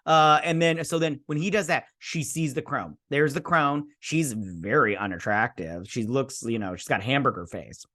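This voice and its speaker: A man's voice: medium pitch, normal speed, a bit bright. A man hosting a casual episode review, rambling and sarcastic, full of fillers and restarts. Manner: rambling, sarcastic, frequent fillers and self-corrections. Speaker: show host reviewing an episode.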